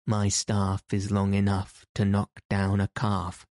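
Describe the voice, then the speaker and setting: A man's voice: on the low side, monotone, slow pace, darkish tone, no echo, clean studio sound. A man reading as a fearless stubborn tanner. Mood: heated. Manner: defiant, archaic retorts.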